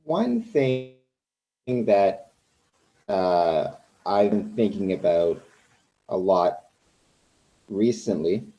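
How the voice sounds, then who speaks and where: A man's voice: on the low side, warm tone, poor audio. A man hosting a conversational interview who talks in a rambling, self-deprecating way. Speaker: podcast host.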